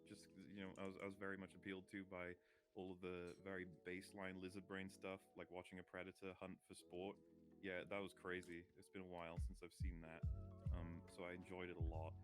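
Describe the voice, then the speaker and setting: A man with a low voice talks through his view in a casual group chat, dry and a little argumentative. Music plays clearly behind him. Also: completely flat delivery, fairly quick.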